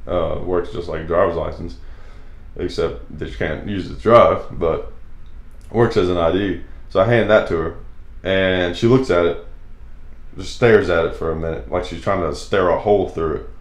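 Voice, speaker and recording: A man's voice: low-pitched, steady tone, moderate pace, echoey room. A man hosting a casual monologue show, telling stories and airing opinions in a rambling, conversational way. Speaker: radio show host.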